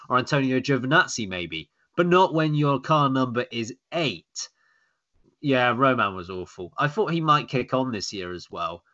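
A man hosts a casual podcast chat, joking and wry. His voice is bright and forward, with a pitch that jumps around a lot. The recording sounds dull and lo-fi. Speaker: podcast host.

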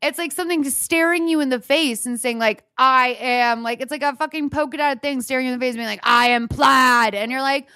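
A woman chatting casually as a podcast co-host, animated, swearing freely and filling every pause with "like". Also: high-pitched, dry recording, studio quality. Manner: animated, swears a lot, heavy use of "like". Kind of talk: casual chat.

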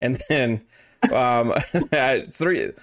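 A man's voice: medium pitch, very slow. A man hosting a podcast, chatting casually and joking, with lots of fillers. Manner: playful, joking, many fillers. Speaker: podcast host. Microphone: online call setup.

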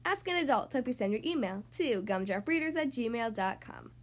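A woman's voice: a little high, animated, brisk. A woman hosting a children's book podcast, reading aloud playfully and adding sound effects. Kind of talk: children's story read-aloud.

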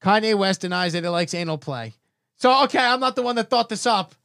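A middle-aged man hosts a casual podcast, spinning animated, profane stories and acting out other people's lines. His voice sits high and sounds bright and forceful. The recording is dry and close, with no room sound. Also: fairly quick, no room sound. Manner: animated storytelling, swearing, acts out quotes. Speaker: podcast host.

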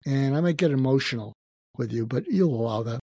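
An older man speaking as a psychiatrist guest in an interview, reflective and halting, with many restarts. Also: mid-range voice, lively intonation, mellow, husky, dry recording. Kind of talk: emotional personal interview talk.

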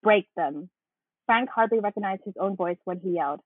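Woman reading from a book on a podcast, raspy, sounds like a phone call. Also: medium pitch, normal speed, dry recording. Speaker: podcast co-host. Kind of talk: casual chat and reading aloud. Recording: tinny phone-like line.

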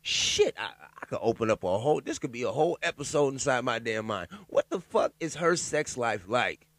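Animated, profane man riffing solo. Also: mid-range voice, no room sound. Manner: loud, profane, animated riffing with laughs and asides; reads news out loud haltingly. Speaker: commentator. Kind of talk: casual profane commentary monologue.

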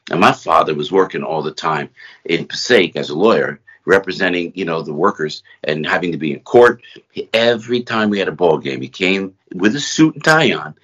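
A middle-aged man from New Jersey talks as a guest, his deep voice husky yet forceful and bright. He tells rambling, animated anecdotes. The recording sounds a little dull and lo-fi. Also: brisk. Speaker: guest entertainer. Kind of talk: conversational storytelling.

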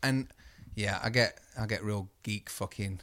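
Excitable sweary man podcasting. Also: lowish voice, a little slow. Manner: excitable, swears freely, jokey. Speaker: podcast co-host. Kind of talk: casual podcast chat.

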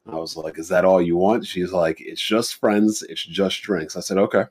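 A man's voice: deep voice, steady tone, normal speed, a little mellow, breathy edge. A young adult man on a podcast telling a dating story in a blunt, profane, casual way, acting out both sides of the conversation in his own voice. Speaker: podcast host.

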